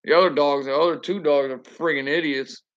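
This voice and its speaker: A man's voice: a little high, fairly even intonation, fairly quick, lo-fi sound. A man who drives trucks, chatting casually on a home livestream in a blunt, profane, ranting way, picked up by a computer webcam mic.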